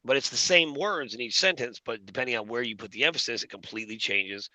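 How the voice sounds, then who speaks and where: A man's voice: medium pitch, fast, bright, forceful tone, no echo, low-quality recording. A man talking casually and at length, rambling with many fillers and restarts. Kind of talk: casual conspiracy talk.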